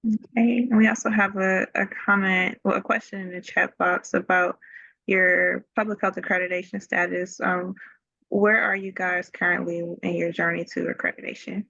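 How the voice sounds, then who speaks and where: Een vrouw die een webinar modereert via een videogesprek, enthousiast en vriendelijk. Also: female voice, medium pitch, level tone, moderate pace, vocal fry, sharp tone, no room sound, highs cut off. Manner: friendly, enthusiastic, laughs easily.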